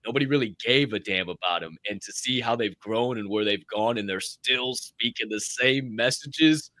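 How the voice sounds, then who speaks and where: A man hosting a live podcast, chatting in a profane, animated way. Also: medium pitch, moderate pace, no echo. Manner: profane, animated, acts out quoted voices. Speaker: podcast host. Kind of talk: casual live-show chat.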